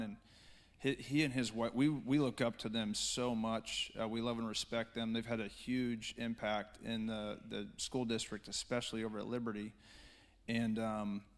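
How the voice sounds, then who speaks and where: A man, speaking as a church speaker in a panel talk, earnest and rambling with many restarts. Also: mid-range voice.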